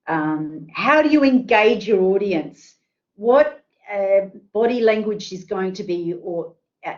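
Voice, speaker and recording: This woman's mid-range voice comes through a video call microphone, the audio sounding dull. Running a careers workshop online, she keeps the talk chatty and filler-heavy while asking the audience questions.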